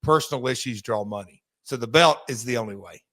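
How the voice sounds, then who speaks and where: A man's voice: medium pitch, fairly bright tone, no room sound. A man co-hosting a podcast tells a rambling story, stopping and restarting as he goes. His voice sits in a middle register. The recording is dry and close. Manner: rambling, halting with fillers and restarts. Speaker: podcast co-host, former wrestler. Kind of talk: casual storytelling chat.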